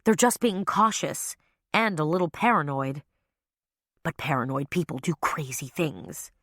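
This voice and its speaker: A woman reading an audiobook voices a calm, level-headed female amateur sleuth with a low, even voice. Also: unhurried, no echo, studio quality, heavily acted. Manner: calm, reasoning.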